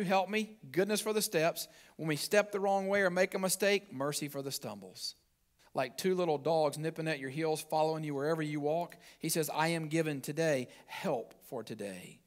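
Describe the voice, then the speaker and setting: Male pastor, sermon delivery, fairly high voice, swells loud then sinks low, talks to the room in asides. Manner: emphatic preaching, rising loud for emphasis and dropping low at phrase ends; conversational asides to the congregation. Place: church sanctuary.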